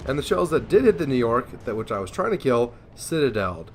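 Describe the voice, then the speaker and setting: A man's voice: medium pitch, sing-song, brisk, slight background noise. Sleepy, yawning young man commentating gameplay. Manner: sleepy, yawning, rambling self-deprecating.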